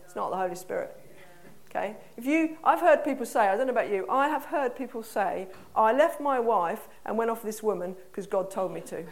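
An English woman with a fairly high voice preaches to a congregation. She talks in a conversational, earnest way and keeps asking the room questions. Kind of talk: sermon. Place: church hall.

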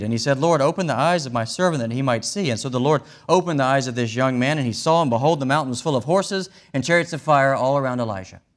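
A man preaching a sermon, explaining a scripture passage in a wry, conversational way with vivid retellings. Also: mid-range voice. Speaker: pastor.

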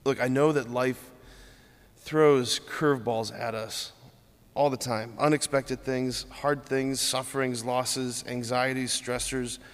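A man's voice: mid-range voice, fairly even intonation, slow. Priest guy preaching casual and earnest, lots of "like", big echoey church sound. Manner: earnest, informal, heavy use of "like". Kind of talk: conversational homily. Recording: long church reverb.

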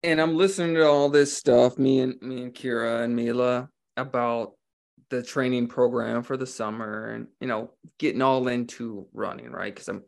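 A man co-hosting a podcast, talking in a relaxed, laid-back way and chuckling along. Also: medium pitch, normal speed, vocal fry. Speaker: podcast co-host. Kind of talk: casual chat.

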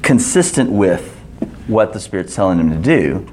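Lively man teaching a Bible class. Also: sits low, normal speed, a little hiss or hum. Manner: asks the group questions, many restarts.

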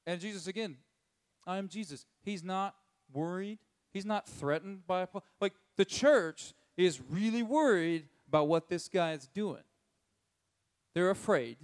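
A man giving a conversational sermon, chuckling often and acting out characters' lines in quick voices. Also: high voice. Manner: chuckles often while telling the story. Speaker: preacher.

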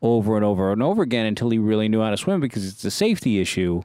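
A man's voice: fairly low pitch, animated, very fast, mellow, smooth, no echo, studio quality. A man co-hosting a podcast in casual chat, jumping in with questions. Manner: inquisitive, jumps in with questions. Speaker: podcast co-host.

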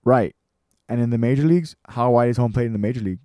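A man's voice: mid-range voice, fast talker, warm tone, no room sound, studio quality, close to an everyday voice. A man voicing an irascible 78-year-old baseball coach who barks questions at a crowd of coaches. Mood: gruff lecturing. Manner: barking, bellowing questions at a crowd.

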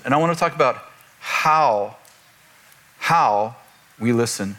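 A man's voice: medium pitch, measured pace, long pauses, fairly bright tone. An older man preaching a sermon to a congregation, in a conversational style with joking asides and chuckles. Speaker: pastor. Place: church before a congregation.

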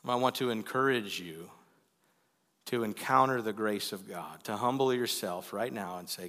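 A male pastor delivers an earnest, pleading sermon in a bright, clear voice at mid pitch. His words ring out with a long reverb through a church sanctuary. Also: moderate pace. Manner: earnest, pleading, builds to loud emphasis.

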